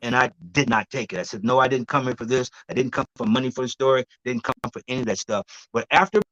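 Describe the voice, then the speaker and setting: A man being interviewed as an herbal healer, telling stories in a lively, demonstrative way, laughing often and acting out what others said. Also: medium pitch, fast talker, no room sound, dull audio. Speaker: guest herbalist. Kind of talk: animated storytelling interview.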